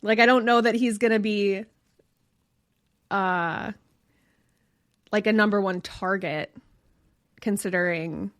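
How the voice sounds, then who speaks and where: A woman co-hosting a podcast, chatting casually with drawn-out words and frequent fillers. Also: mid-range voice, steady tone, fairly bright tone. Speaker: podcast co-host. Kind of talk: casual chat.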